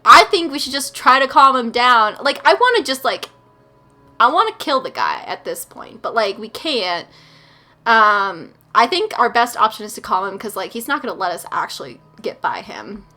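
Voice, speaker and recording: A woman's voice: on the high side, big pitch swings, moderate pace, bright, forceful tone, soft background music. A young woman hosting a let's play, chatty and opinionated, giggling often and saying "like" a lot. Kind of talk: casual gameplay commentary.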